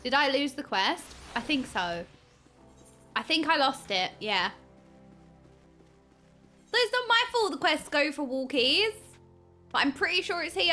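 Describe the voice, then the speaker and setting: A woman's voice: high voice, a little slow, long pauses, soft background music. A woman streaming a game, chatting playfully and giddily with her viewers. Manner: giddy, playful, squeals when excited. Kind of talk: casual game stream commentary.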